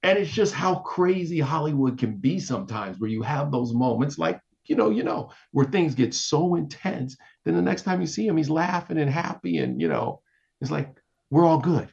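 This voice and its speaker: A man telling a story in casual podcast chat, lively and acting out what people said. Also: moderate pace, vocal fry, few pauses, breathy edge, dull audio. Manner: animated, acts out quotes with big pitch jumps. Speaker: guest, entertainment reporter.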